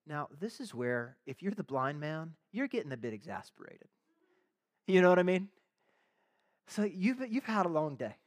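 Animated pastor preaching a lively sermon. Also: male voice, on the high side, normal speed. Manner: conversational preaching, acts out voices of biblical figures with slang asides.

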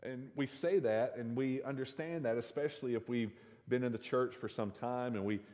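In a large hall, a pastor with a Southern drawl delivers an earnest sermon at a moderate pace, his medium-pitched voice slightly dark. He restarts often, repeating words when he does, and his force rises at the climaxes.

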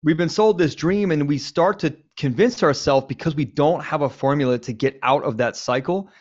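A man's voice: on the high side, moderate pace, darkish tone. A man hosting a casual conversation, talking candidly and animatedly, with some swearing. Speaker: podcast host. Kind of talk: casual conversation on men's lives. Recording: slightly dull lo-fi audio.

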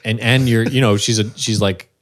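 A man's voice: fairly low pitch, fairly even intonation, fairly quick. A man hosting a podcast in a playful, joking way, swearing freely. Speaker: podcast host. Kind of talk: casual chat.

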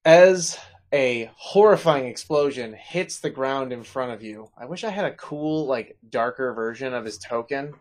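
Slow, playful game master man. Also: medium pitch, a little mellow. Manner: playful, laughs at his own twists. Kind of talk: narrating a tabletop game.

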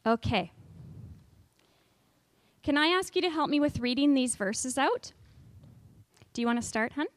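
A woman with a high voice leads a children's Bible lesson. She talks in a coaxing way and keeps asking the kids questions and inviting them to take part. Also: animated, measured pace, dry recording. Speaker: children's church teacher.

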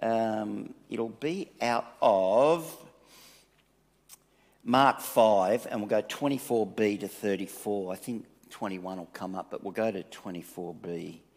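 A man giving a conversational sermon, reading scripture and telling stories with lively asides. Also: on the low side, slow, vocal fry. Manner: conversational, animated storytelling with asides. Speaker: preacher. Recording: long reverb of a hall.

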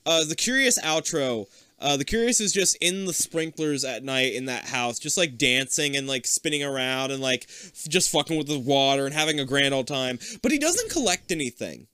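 A man's voice: mid-range voice, big pitch swings, normal speed, bright, forceful tone, clean tone, dry recording. A young man co-hosting a podcast, chatting casually about a show in a rambling way with frequent swearing, close on a mic. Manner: rambling, swearing, laughs easily. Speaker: podcast co-host. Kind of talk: casual chat reviewing a show.

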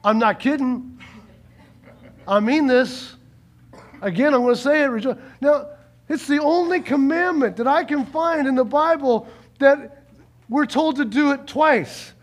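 The preacher's pitch is extremely high as he animatedly delivers his sermon. He shifts from slow, hushed moments to loud shouts, acting out quotes and repeating words to drive points home.

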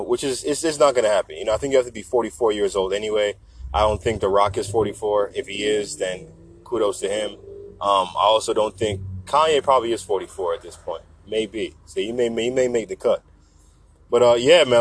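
A man's voice: medium pitch, poor audio. Man ranting casually, joking and profane. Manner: profane, joking, slips into mock voices. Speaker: vlogger. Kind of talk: casual rant to camera.

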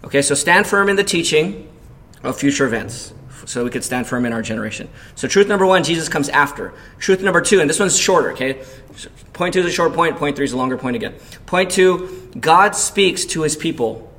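A man's voice: a little high, lively intonation, brisk. Conversational male pastor preaching. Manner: storytelling with loud acted panic in quotes; conversational, asks the congregation questions. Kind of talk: sermon.

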